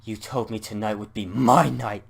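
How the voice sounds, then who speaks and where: A man with a British accent voicing an unhinged, murderous young woman gambler who flips from quiet calm to rage in a text adventure. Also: fairly low pitch, normal speed, vocal fry, husky. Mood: furious.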